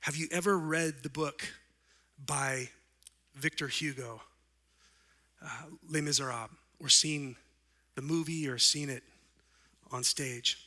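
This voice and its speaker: A man preaching a sermon in an earnest way, letting his voice rise and then drop soft, and slowing down for emphasis. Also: a little high, fairly even intonation. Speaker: pastor.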